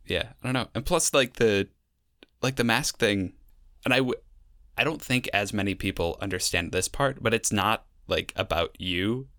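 A man's voice: on the low side, normal speed, fairly bright tone, no echo, clean studio sound. A young man co-hosting a casual podcast, talking in a wry, sarcastic way and rambling through his stories. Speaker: podcast co-host. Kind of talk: casual chat.

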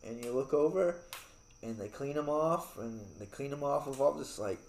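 A man's voice: medium pitch, lively intonation, normal speed, darkish tone, a little hiss or hum. Rambling young man in an echoey room. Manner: swearing, rambling storytelling with many fillers. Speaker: new father. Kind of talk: casual chat.

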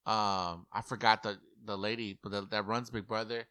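Man, podcast co-host, casual chat, bright tone, animated, mimics people. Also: normal speed, smooth, no echo, studio quality. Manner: animated, mimics contestants in exaggerated high voices.

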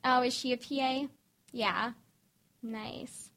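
A woman co-hosting a podcast, chatting in quick, bubbly banter and interviewing guests. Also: on the high side, steady tone, vocal fry, a bit bright. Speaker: podcast co-host.

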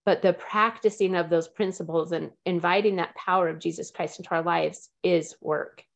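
A woman's voice: fairly low pitch, fairly even intonation, moderate pace, gravelly. Earnest, emotional woman. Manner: earnest, emotional, near tears. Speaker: group member sharing. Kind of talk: heartfelt personal sharing.

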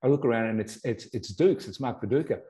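A middle-aged Australian man, a guest in an interview, telling stories in an animated way with many restarts and repeated words. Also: mid-range voice, quick pace. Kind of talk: casual storytelling interview.

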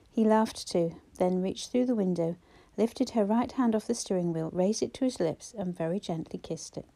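A woman reads a novel aloud in a steady storytelling voice, moving between the characters. Her tone is warm and mellow, never bright. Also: mid-range voice, moderate pace, creaky, hardly any pauses. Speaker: audiobook narrator. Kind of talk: scripted narration.

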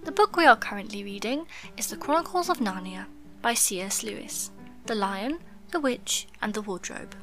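A woman hosting a podcast, reading a children's book aloud in a clear, gentle storytelling voice. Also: mid-range voice, normal speed, faint music behind. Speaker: podcast host and reader.

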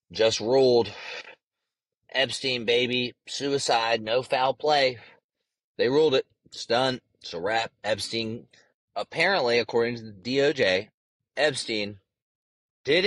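A man's voice: mid-range voice, fairly bright tone, dry recording, low-quality recording. A young man hosting a casual solo podcast, talking in a brash, profane and rambling way. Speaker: podcast host.

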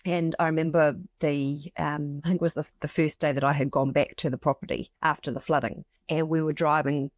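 A woman's voice: low voice, little pitch movement, a little fast, hardly any pauses, no echo, studio quality. A middle-aged woman co-hosting a heartfelt conversation, reading passages aloud and reflecting on her own experiences. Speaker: podcast co-host. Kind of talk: casual emotional conversation.

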